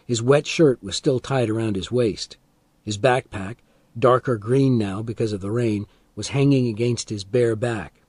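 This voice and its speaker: A man narrating an audiobook of a graded reader in a slow, deliberate and expressive style. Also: medium pitch, slightly rough, dry recording.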